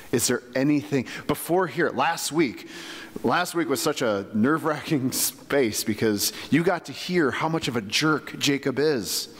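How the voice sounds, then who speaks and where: A man's voice: mid-range voice, a bit bright, slightly rough, in a large hall. A man preaching a sermon as pastor, in a conversational way full of rhetorical questions. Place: church sanctuary.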